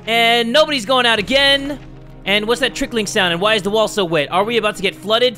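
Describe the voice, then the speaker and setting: A young man giving gameplay commentary, reading game text aloud and breaking into loud swearing outbursts. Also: sits high, lively intonation, fairly quick, soft background music. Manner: reads game text aloud in a mock-dramatic tone. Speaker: gaming YouTuber.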